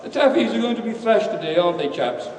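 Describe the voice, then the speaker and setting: A man's voice: high-pitched, lively intonation, fast, darkish tone, slight background noise, pitched above the performer's own voice. A man voicing a mocking English public school boy with an upper-class English accent and a braying manner. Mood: jeering. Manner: braying, jeering. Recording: roomy hall, distant mic.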